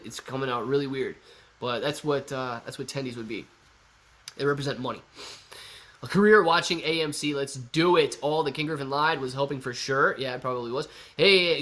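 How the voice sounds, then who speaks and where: A young man hosting a casual live stream, reading viewer chat aloud in an excitable, chatty way and calling people bro and man. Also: mid-range voice. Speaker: livestream host reading chat.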